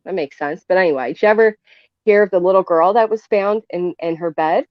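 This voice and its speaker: A woman's voice: fairly low pitch, brisk, no echo. A woman from near Philadelphia with a Philadelphia accent, chatting casually on a podcast. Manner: chatty, self-conscious about her accent. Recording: dry, dull lo-fi sound.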